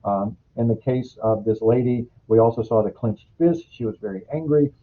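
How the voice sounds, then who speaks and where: A man from the United States giving a recorded healthcare training lecture, explaining calmly and drawing on stories from past clinical work. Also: medium pitch, normal speed, slight background noise. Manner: explanatory, uses clinical anecdotes. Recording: phone-like lo-fi recording.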